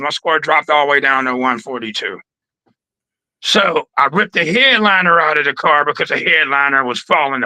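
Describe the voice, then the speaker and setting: A man in a casual interview, telling stories in an animated, slangy way from his trophy room. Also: fairly high pitch, dry recording, rough recording. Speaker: guest.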